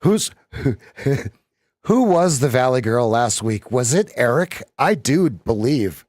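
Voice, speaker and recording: A man's voice: mid-range voice, very animated, takes it slowly, darkish tone, no room sound. A man talks through his trades on a live stream as a coach, loose and joking as he chats with viewers. His voice sits in an ordinary middle range. The sound is dry and close, with no room around it. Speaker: trading coach. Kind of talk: live-stream trading commentary.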